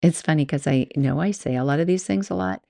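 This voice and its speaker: A woman's voice: deep voice, quick pace, gravelly, dark tone, dry recording, studio quality. A woman host and yoga teacher telling stories in a chatty, rambling way, laughing often. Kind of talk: casual storytelling monologue.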